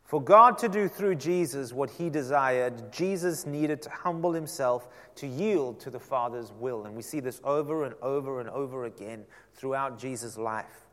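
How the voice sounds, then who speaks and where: A man's voice: medium pitch, normal speed, hardly any pauses. Preaching man in a reverberant church. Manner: preaching with dramatic swings from loud emphasis to soft near-whisper. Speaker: pastor. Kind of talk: sermon. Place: church sanctuary. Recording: long hall reverb.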